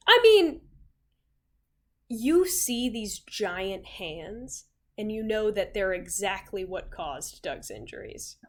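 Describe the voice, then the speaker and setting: A young woman running a tabletop game, narrating a scene in an unhurried, halting way with many fillers. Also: medium pitch, animated, a little mellow. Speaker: game master.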